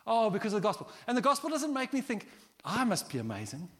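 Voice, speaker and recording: A middle-aged man preaching a sermon as pastor, animated and acting out quoted prayers. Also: extremely high pitch, fast. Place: large church hall. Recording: long hall reverb.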